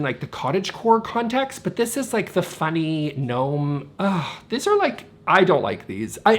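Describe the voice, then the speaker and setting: A man reviewing home products in a vlog, animated and exasperated, with a sarcastic sense of humor. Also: a little high. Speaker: interior designer reviewing products. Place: seated in a chair indoors.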